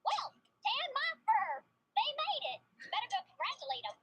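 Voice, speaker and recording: A woman's voice: very high voice, wildly swooping pitch, moderate pace, sharp tone, slight background noise, heavily acted. A woman voicing a spunky southern squirrel girl in a cartoon, with a folksy Southern US twang and colorful sayings. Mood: cheery. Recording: cartoon clip under faint music.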